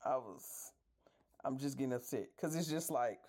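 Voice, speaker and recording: A woman with a very deep, darkish voice speaks at a moderate pace as a podcast host. She tells a story as a casual, exasperated rant, swearing freely and addressing her listeners directly.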